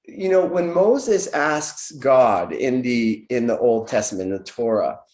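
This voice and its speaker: A man's voice: mid-range voice, animated, slow, darkish tone. A man guest speaking as a naturopathic doctor, giving an earnest, searching spiritual explanation. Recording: echoey room.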